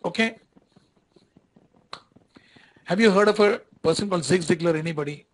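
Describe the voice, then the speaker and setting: A man's voice: sits high, normal speed, low-quality recording. A man with an Indian English accent giving an online lecture, talking conversationally, repeating phrases and checking whether students follow.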